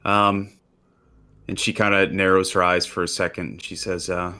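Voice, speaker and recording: A man narrating as game master for a tabletop game, relaxed and halting with frequent fillers. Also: deep voice.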